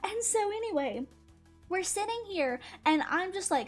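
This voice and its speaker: A young woman channel host chatting through a casual storytime while drawing, quick and full of "like". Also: high-pitched, expressive, soft background music. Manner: chatty, fillers of "like", quick retelling with laughs.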